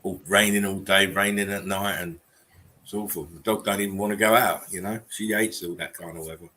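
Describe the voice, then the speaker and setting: A man's voice: low voice, steady tone, a little fast, pushed and bright, a little hiss or hum. Chummy man hosting a livestream. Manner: laid-back, chummy, laughs often. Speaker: host. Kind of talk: casual livestream chat.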